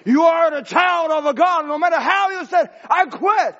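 A man preaching a sermon as pastor, impassioned and rising to shouts, with broken grammar. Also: extremely high pitch, moderate pace, highs cut off.

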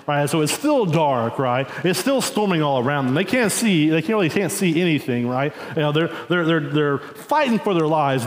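A man with a fairly high voice preaches in a relaxed, storytelling way, often turning to the congregation with "right?" and "y'all." His voice rings through a reverberant church hall, and the long tail of the echo hangs after each phrase. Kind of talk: conversational sermon. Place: church sanctuary.

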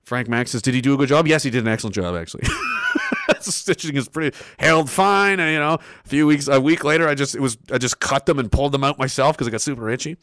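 A man's voice: mid-range voice, huge pitch swings, fast, a bit bright. A young man streaming, rambling through a casual story with profanity, frequent laughter and acted-out quotes.

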